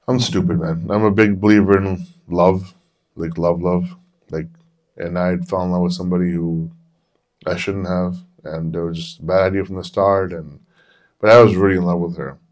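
A man's voice: sits low, steady tone, normal speed. A man in his forties hosting a podcast, who tells candid, rambling personal stories and swears freely. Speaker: podcast host. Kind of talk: casual storytelling chat.

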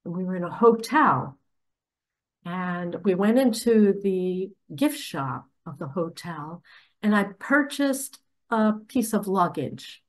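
A woman's voice: medium pitch, expressive, slow pace. A woman earnestly telling a personal story about a nightmare, speaking with emphasis. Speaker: religious speaker.

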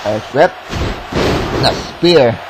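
Male commentator, mid-pitched, casual and excitable, noisy home recording. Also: takes it slowly. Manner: excitable, swears, shouts at big moves. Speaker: wrestling game commentator.

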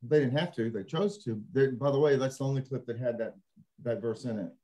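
A man hosting a casual panel discussion, animated and laughing as he acts out quotes. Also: medium pitch, fairly quick. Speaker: panel host.

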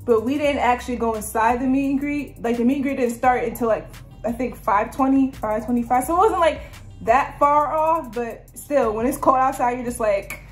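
A young woman vlogger chatting through a storytime in a casual, excited way, full of "like". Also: high-pitched, moderate pace, faint music behind. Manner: chatty, lots of "like", excited retelling.

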